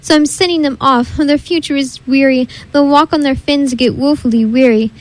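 Woman doing the Lorax, a croaky scold. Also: high-pitched, steady tone, moderate pace, lightly acted. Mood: angry. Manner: querulous, croaking, snapping rebukes. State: coughing, sniffling. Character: grumpy small male forest creature, scolding. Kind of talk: storybook read-aloud.

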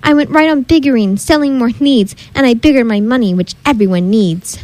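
A woman reads a rhyming storybook aloud in a rhythmic, sing-song way. Her voice sits high. The verses bounce along steadily. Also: a little fast, darkish tone, no room sound, low-quality recording. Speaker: reader. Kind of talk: storybook read-aloud in rhyme.

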